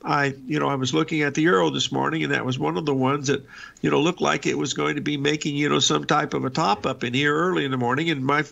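A man's voice: fairly high pitch, steady tone, fast talker, vocal fry, a bit bright, lo-fi sound. An older man hosting a live trading show, talking in a folksy, rambling way with many fillers and restarts. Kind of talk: live market commentary.

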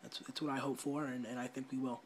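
A man's voice: medium pitch, level tone, fast, breathy edge. A young man and hockey player talking in a mock-serious vlog monologue, earnest and rambling, repeating words as he gets fired up.

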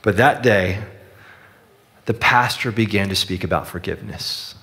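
A man preaching a sermon as pastor, telling a story earnestly and dropping his voice softly on the key lines. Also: on the low side, measured pace, vocal fry.

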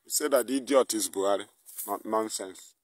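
A man's voice: lowish voice, fairly quick, no room sound. A man delivering an indignant political rant, firing off rhetorical questions. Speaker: political commentator.

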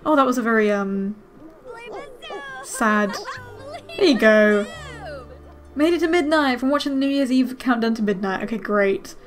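This is a young woman with a high, bright-sitting voice narrating her game session. She chats casually, wonders aloud about what is happening on screen and breaks into excited gasps. Her delivery stays lively and unscripted. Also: measured pace, pauses often, soft background music. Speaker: gaming host. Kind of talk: casual let's-play commentary.

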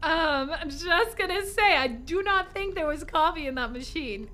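A woman streaming a game live, excitable and talking to herself and the chat, laughing and swearing often. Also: very high voice, moderate pace, soft background music. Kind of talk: live gameplay commentary.

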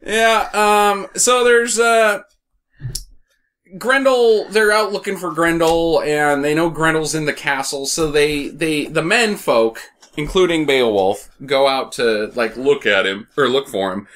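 A man's voice: on the high side, unhurried, a bit bright. A man co-hosting a movie podcast, recapping the plot in a rambling, profane way and laughing often. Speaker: podcast co-host. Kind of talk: casual movie-review banter.

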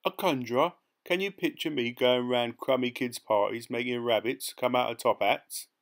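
A man's voice: mid-range voice, moderate pace, natural voice. A man voicing a boastful, cheeky male London pickpocket in an audiobook. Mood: scornful boasting. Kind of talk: audiobook character voice.

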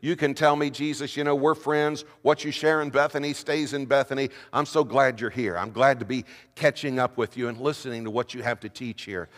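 A man voicing a friendly young woman who eagerly welcomes a guest, speaking softly. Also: medium pitch, fairly even intonation, fairly quick, hardly any pauses, long reverb tail, natural voice.

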